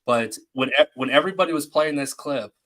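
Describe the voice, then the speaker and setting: A man of ordinary pitch hosting a live stream in relaxed, casual chat. He talks easily with his guests and thanks viewers as he goes. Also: fairly quick.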